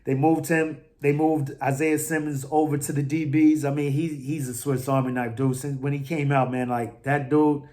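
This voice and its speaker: A man hosting a fan podcast, talking football in a casual, animated, trash-talking way, full of slang and fillers. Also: on the high side, normal speed, hardly any pauses.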